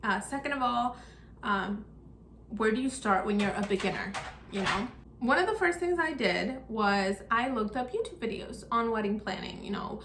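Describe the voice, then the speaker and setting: A woman's voice: fairly high pitch, animated, moderate pace, background noise. A young woman telling a personal story in a casual vlog, chatty and acting out the dialogue as she retells it. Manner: chatty, acts out quoted dialogue in her retelling. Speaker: vlogger. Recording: echoey room.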